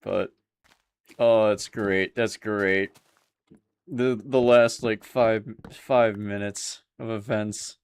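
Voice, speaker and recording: A man's voice: lowish voice, steady tone, slow, clean tone. A young man chatting casually with his viewers while playing a game, laid-back and laughing often. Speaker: streamer. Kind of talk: casual gameplay commentary.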